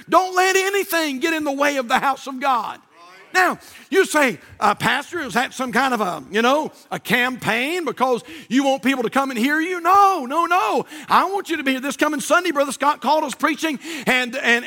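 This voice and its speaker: A male pastor preaching a sermon, stressing key words with slow drawn-out emphasis and rising to shouts. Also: very high voice.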